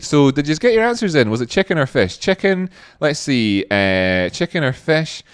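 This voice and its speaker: A man's voice: mid-range voice, sing-song, normal speed, hardly any pauses, smooth, no echo, clean studio sound. A Scottish man hosting a livestream in a casual, rambling chat full of fillers. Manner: rambling, laid-back, with frequent fillers. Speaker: livestream host.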